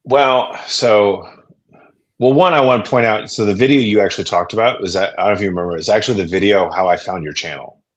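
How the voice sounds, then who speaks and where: Male guest, deep voice, ex-special ops, measured and careful in interview. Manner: deliberate, pauses to weigh words. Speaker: guest, former special operations soldier.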